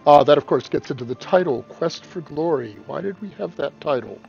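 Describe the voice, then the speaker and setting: Guy streaming his own game, kinda higher voice, muffled lo-fi audio, faint music under it. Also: lively intonation, gravelly, a little mellow. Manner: casual, reads character lines in quickly dropped voices. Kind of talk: live-stream playthrough reading dialogue aloud. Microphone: desk microphone.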